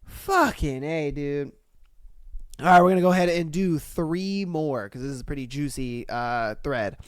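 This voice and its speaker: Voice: mid-range voice, a little slow, clean tone, dry recording. Solo podcast host, casual and profane, reads posts out and riffs on them. Dry, close mic. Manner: profane, animated, slangy, acts out the people in the stories. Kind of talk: casual storytelling, reading out and reacting to posts.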